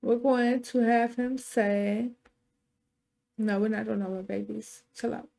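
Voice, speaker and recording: A woman's voice: a little high, fairly even intonation, a little slow, creaky, dark tone. A woman casually narrating a life-sim game story, chatty and swearing, talking to her viewers. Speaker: gameplay narrator.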